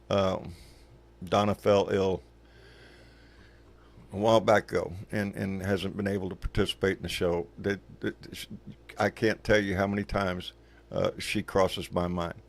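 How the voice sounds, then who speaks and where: An older man hosting a casual livestream chat, rambling and folksy, swearing casually. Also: low-pitched. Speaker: show host.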